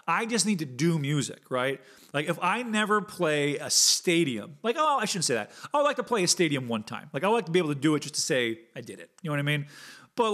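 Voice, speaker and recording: A man in his thirties, a guitar teacher, hosts his own podcast in a casual solo monologue. His slightly high, fairly bright voice rambles earnestly, packed with fillers and casual swearing.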